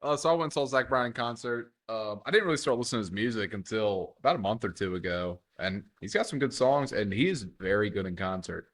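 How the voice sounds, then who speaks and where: A man's voice: on the low side, fast talker, hardly any pauses, a bit bright. A young man co-hosting a casual sports podcast, laid-back and laughing often as he tells his stories. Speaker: podcast co-host.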